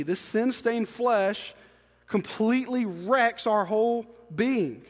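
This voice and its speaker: A man's voice: high voice, slow pace. A man preaching a sermon as pastor, reading scripture with joking asides. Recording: long hall reverb.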